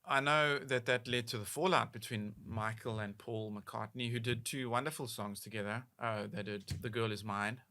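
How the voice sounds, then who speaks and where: Bright-voiced man gushing. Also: medium pitch, fairly even intonation, normal speed, few pauses. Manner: enthusiastic, gushing about songs. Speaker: podcast co-host. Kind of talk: casual chat.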